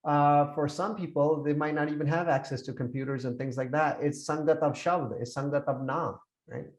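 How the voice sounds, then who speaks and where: A man's voice: on the high side, steady tone, moderate pace. Man explaining scripture. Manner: mixes English and Punjabi, repeats words while explaining. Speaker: Sikh scripture teacher.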